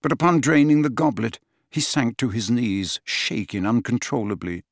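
A man narrating an audiobook in a dramatic, expressive reading style. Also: mid-range voice, normal speed, no echo, studio quality. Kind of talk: scripted narration.

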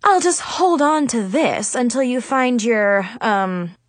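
A woman's voice: on the high side, very animated, takes it slowly, dry recording. A woman voicing a snooty, condescending female store cashier in a story reading. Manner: sniffy, condescending.

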